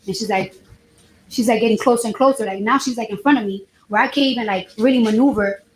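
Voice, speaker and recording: Woman witness in court, kinda high voice, animated storytelling, faint hiss behind. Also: quick pace, echoey room, low-quality recording. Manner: animated, reenacts dialogue with lively voices.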